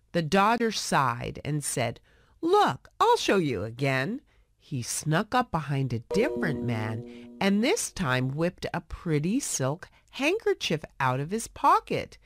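A woman reading a storybook aloud in a slow, expressive way for English learners. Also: fairly low pitch, no room sound, clean studio sound.

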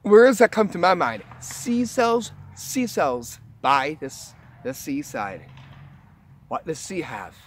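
A man hosting a magic tutorial, explaining tricks in a chatty, halting way with many restarts and upbeat reveals. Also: a little high, animated, slight background noise. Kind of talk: casual how-to demonstration.

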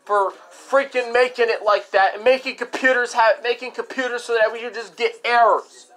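A woman's voice: a little high, fairly even intonation, moderate pace, a bit bright. Profane ranting woman host. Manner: profane, repetitive, escalating frustration. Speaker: radio show host. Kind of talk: angry rant.

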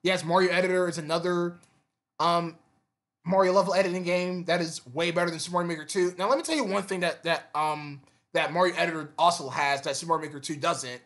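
A man's voice: a little high, steady tone, quick pace, fairly bright tone. A man giving an unscripted gaming commentary, stammering and repeating words as he fires off exasperated rhetorical questions. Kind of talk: unscripted opinion monologue.

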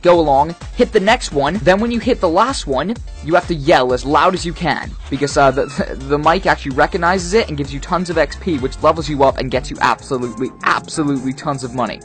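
A man's voice: fairly high pitch, brisk, hardly any pauses, soft background music. Give me a young man talking a friend through a game over voice chat, pushy and playful. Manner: coaching, goading, works up to frantic yelling. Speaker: gamer trolling a friend.

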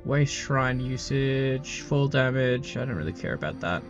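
A man's voice: mid-range voice, lively intonation, a little slow, dull audio, music in the background. A male game streamer giving casual, rambling commentary with stammered restarts and swearing.

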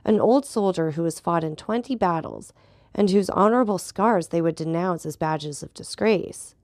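A woman voicing a proud, hot-tempered young nobleman who makes urgent, insistent demands, in a gravelly voice on a dry recording. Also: on the low side, animated, normal speed, a little mellow, no echo. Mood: indignant.

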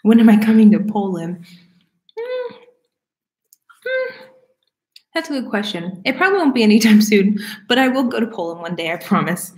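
A young woman from Florida, casually answering viewer questions at home, chatty and animated, laughing often. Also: fairly high pitch, normal speed, pauses often. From Florida, United States. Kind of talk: casual Q&A chat. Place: room at home. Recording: roomy echo.

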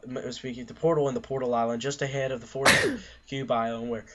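A man's voice: mid-range voice, quick pace, very noisy. A teenage boy hosting a casual gameplay chat from his bedroom, playful and sometimes reading game text aloud in a mock-serious voice. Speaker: gaming channel host. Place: bedroom at home. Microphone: computer mic. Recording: dull, lo-fi game capture.

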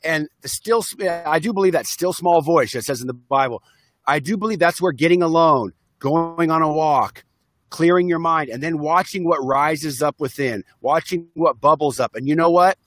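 A man's voice: on the high side, moderate pace, fairly bright tone, dry recording, studio quality. A man guest in an interview, talking in an upbeat, enthusiastic way over a video call. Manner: enthusiastic, upbeat, acts out voices. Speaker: interview guest, self-help speaker and musician. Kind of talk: casual interview talk.

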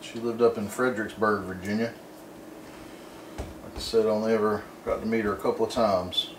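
A man's voice: on the low side, steady tone, a little fast, noisy background. A man, hosting a casual home cooking demonstration in an easygoing, folksy, rambling way. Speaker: cooking show host. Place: home kitchen. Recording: roomy kitchen, mic at a distance.

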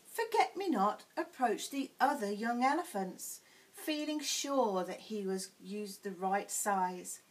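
Woman teacher, children's picture book reading, expressive, slow, lively intonation. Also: medium pitch, rough recording. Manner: expressive, clear bedtime storytelling. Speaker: primary school teacher.

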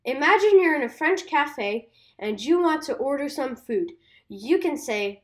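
A woman teaching simple phrases in an upbeat scripted lesson for kids, cheerful and deliberate, repeating words for listeners to say along. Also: high-pitched, expressive.

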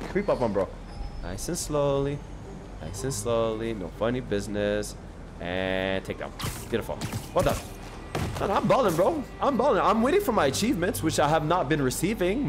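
A man streaming a video game, chatting excitedly and joking with his viewers. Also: a little high, fast. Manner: excitable, jokey, talks to chat. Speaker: gaming streamer. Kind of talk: live gameplay commentary. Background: game music.

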